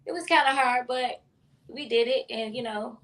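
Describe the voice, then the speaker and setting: A woman's voice: a little high, normal speed, fairly bright tone, far from the mic, low-quality recording. A woman, a mother, speaking heartfelt and emotional as an interview guest. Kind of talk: interview chat.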